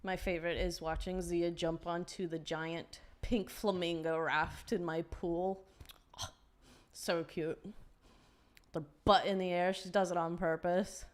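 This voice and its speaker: A woman co-hosting a casual livestream, relaxed and giggly. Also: lowish voice, a little slow. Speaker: podcast co-host.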